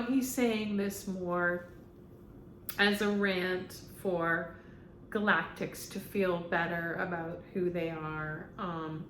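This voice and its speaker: A woman working as a spiritual medium, talking through a channeling session in a halting way with many ums as she relays what a spirit tells her. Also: lowish voice. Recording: echoey room, faint background hum.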